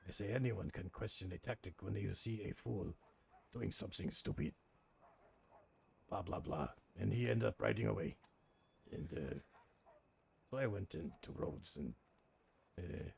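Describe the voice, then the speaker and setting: A gravelly, rasping outlaw with a low voice, as a man plays him. He tells his story in clipped, broken English and swears without a second thought. His tone is blunt and defiant. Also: a little mellow, heavily acted. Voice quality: gravelly and husky. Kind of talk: roleplay in a western game.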